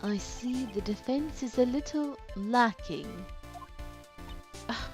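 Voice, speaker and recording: A woman reading as an arrogant male prosecutor who speaks with haughty, deliberate coolness. The pitch is somewhat high and the delivery very slow, with faint game music behind. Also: animated.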